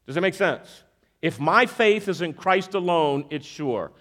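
A man's voice: on the high side, a little slow. A man preaching a sermon, using a magic trick as an object lesson and often checking in with the audience. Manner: animated, questioning the audience, repeating verses for emphasis.

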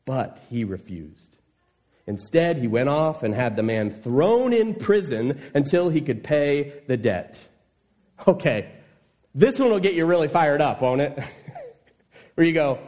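A man preaching a sermon, reading scripture and acting out indignant voices. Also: measured pace. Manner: animated, voices indignant listeners with rising pitch. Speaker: pastor.

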